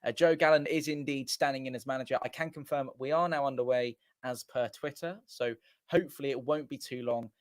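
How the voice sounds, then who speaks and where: A man's voice: medium pitch, fairly quick, no echo. A man hosting a fan watchalong, giving casual live match commentary in a chatty, rambling way and often correcting himself. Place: small home studio.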